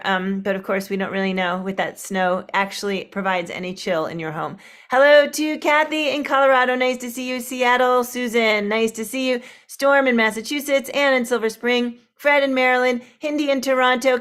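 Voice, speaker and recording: A woman's voice: fairly high pitch, clean tone. A woman hosting an online group singing session, greeting participants one by one over a video call with chatty asides. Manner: chatty, warm roll call with small asides. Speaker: host of an online group sing.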